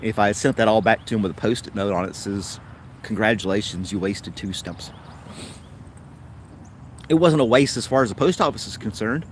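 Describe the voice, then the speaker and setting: A man's voice: lowish voice, fast talker, few pauses, a little hiss or hum. A man with a Tennessee accent hosting a casual livestream chat, rambling along in an easygoing way. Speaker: host.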